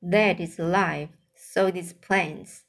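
A woman reading aloud and voicing a kindly giant man who talks slowly and earnestly in broken grammar. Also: lowish voice, steady tone, gravelly, heavily acted. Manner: slow, earnest, mangled grammar.

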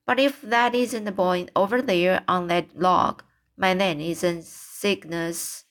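A woman reading the lines of a calm, watchful female swan who speaks in a hushed, reasonable way in a storybook. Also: on the low side, takes it slowly. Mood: wry.

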